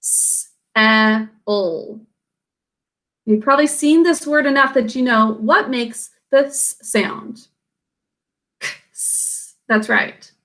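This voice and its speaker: Slow, patient woman teaching spelling. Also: high voice, fairly bright tone. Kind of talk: recorded spelling lesson.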